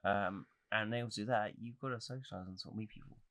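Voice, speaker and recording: Low-voiced laid-back male podcaster. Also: fast talker. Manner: relaxed, hesitant, many fillers and restarts. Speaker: podcast co-host. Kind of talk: casual chat about anime.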